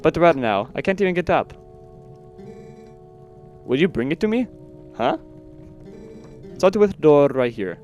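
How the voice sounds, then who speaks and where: A man's voice: mid-range voice, animated, brisk, hardly any pauses, faint music behind, natural voice. A man voicing a sick female yeti wife who speaks in broken English and ends lines with a questioning "huh?". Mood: feverish.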